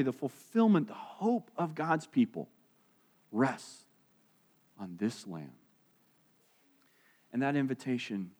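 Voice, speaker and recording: A male pastor preaching a sermon, acting out the voices in his stories and dropping soft and slow on key phrases. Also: a little high. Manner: animated storytelling, acting out quoted voices.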